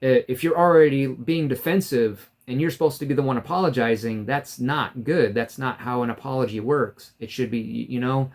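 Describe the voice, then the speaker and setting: A man's voice: medium pitch, normal speed, few pauses. A man vlogging, telling a story of a quarrel in an aggrieved, rambling way, with many fillers and restarts. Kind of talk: casual storytelling to camera.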